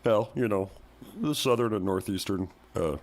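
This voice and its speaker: A man's voice: fairly low pitch, expressive, moderate pace, pitched above the performer's own voice. A man voicing a crude, grumpy male bullfrog caller who rambles and complains in a comedy call-in bit. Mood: grumbling.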